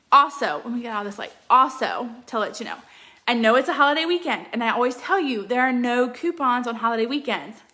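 A woman's voice: a little high, fairly bright tone. A woman, chatting casually and upbeat through a shopping haul with plenty of ums. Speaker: couponing vlogger.

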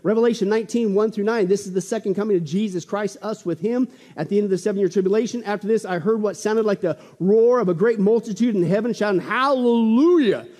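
A man preaching a sermon as pastor, emphatic, with loud exclamations and hushed asides. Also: high voice, fast, few pauses. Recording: long reverb in a large hall.

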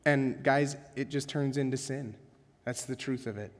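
Young male pastor, conversational sermon delivery, self-deprecating humor, mid-pitched voice, church hall reverb. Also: steady tone, moderate pace. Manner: conversational, self-deprecating, addresses listeners as guys. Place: church sanctuary.

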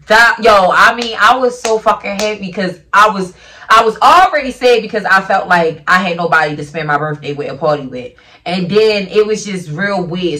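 A woman's voice: on the low side, pushed and bright, recorded from a distance. A young woman vlogger telling a casual storytime in a brash, profane, emphatic way.

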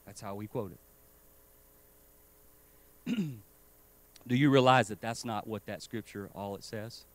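A man preaching a sermon with urgent emphasis, swinging between loud stresses and quiet asides. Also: lowish voice, slow pace, no room sound. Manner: urgent and emphatic, rising and falling in loudness.

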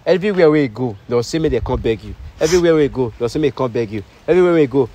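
A man's voice: mid-range voice, lively intonation, very fast, mellow, low-quality recording. A man with a Nigerian Pidgin accent hosting a comedy skit, pleading and soothing, repeating himself. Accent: Nigerian Pidgin English.

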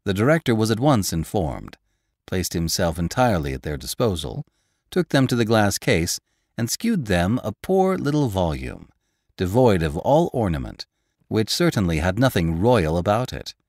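Guy reading a classic story aloud, lowish voice that swings up and down a lot, dry close mic. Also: moderate pace, no room sound. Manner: expressive, voices characters with raised pitch. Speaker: podcast host and audiobook narrator. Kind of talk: scripted audiobook narration.

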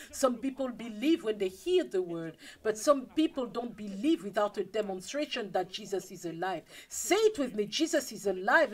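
Woman pastor, sermon delivery, higher voice, dramatic, acts out scenes. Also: a little mellow, rough recording. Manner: calls for amens from the congregation.

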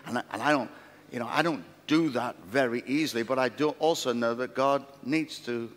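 Man, pastor, sermon, animated storytelling, mid-pitched voice, reverberant hall. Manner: animated, repetitive storytelling with many restarts. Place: large former theatre used as a church. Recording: long reverb of a large hall.

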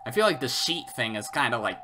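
A man's voice: medium pitch, big pitch swings, fast talker, noisy background. A man reading a visual novel aloud and adding sarcastic, joking asides. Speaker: let's play narrator.

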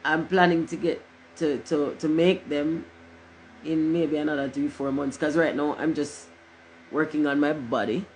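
A woman's voice: low-pitched, steady tone, unhurried, a little mellow, a little hiss or hum, rough recording. A middle-aged woman, chatting casually on a livestream in a rambling, joking way and cursing freely. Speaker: livestream host.

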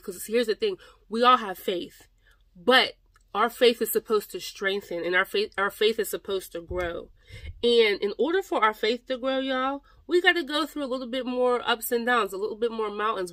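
A woman gives a heartfelt faith talk straight to her viewers, exhorting them and circling back to repeat her points. She has a mid-pitched voice, and the sound is dry and close, with almost no room around her. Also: a bit bright, no echo. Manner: preachy, exhorting, repeats phrases, addresses viewers as y'all. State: close to tears at times. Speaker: faith vlogger. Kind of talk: personal devotional talk to camera.

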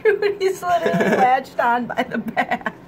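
A woman making slow, amused remarks while helping bathe a pet. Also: high voice, lively intonation, noisy background. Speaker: helper at pet bath. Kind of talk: casual chat.

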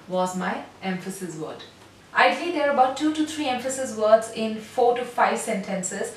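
Woman voice coach in an echoey room. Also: recorded from a distance. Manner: demonstrates pacing, explains calmly. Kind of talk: online voice lesson. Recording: very echoey room, off mic, faint rumble.

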